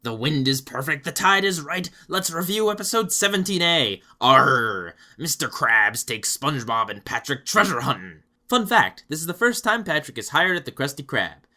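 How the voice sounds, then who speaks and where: A man reviewing cartoon episodes in a playful, jokey way, with sudden loud bursts. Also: on the high side, big pitch swings, normal speed, few pauses.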